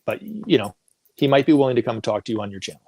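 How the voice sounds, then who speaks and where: A man's voice: mid-range voice, sing-song, quick pace, creaky, a little mellow, slightly rough, no echo. A man talking as a guest on a talk show, telling stories casually and acting out the voices of the people in them, laughing often.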